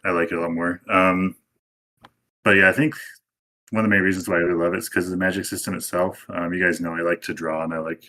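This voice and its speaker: Very low-voiced man, relaxed podcast chat. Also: fast talker. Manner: relaxed, explanatory, hesitant ums. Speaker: podcast co-host. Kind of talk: casual anime review chat.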